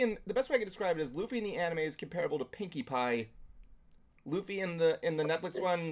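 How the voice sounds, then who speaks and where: A man co-hosting a talk show, chatting casually in an animated, rambling way and swearing often. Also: on the high side. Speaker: podcast co-host. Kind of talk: casual chat.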